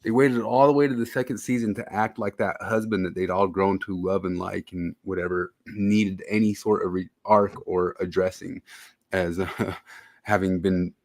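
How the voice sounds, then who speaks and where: Brief: man, lowish voice, chatty and rambling, full of pop-culture asides. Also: steady tone, moderate pace. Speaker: podcast co-host. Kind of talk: casual chat.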